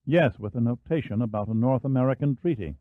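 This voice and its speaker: A man's voice: medium pitch, fast talker, dry recording, natural voice. A man voicing a friendly, chatty American Senate historian in an audiobook. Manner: easygoing, chatty. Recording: dry, phone-like narrow band.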